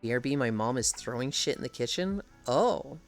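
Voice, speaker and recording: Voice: medium pitch, expressive, moderate pace, soft background music. A young adult streamer from the United States, chatting casually at home with viewers, laughing often and swearing freely. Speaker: live streamer. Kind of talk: casual live-stream chat, answering chat.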